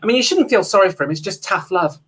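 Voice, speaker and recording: A British woman playing in an online pun contest, setting up her puns with a deadpan build-up. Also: medium pitch, fast, breathy edge. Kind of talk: casual comedy chat.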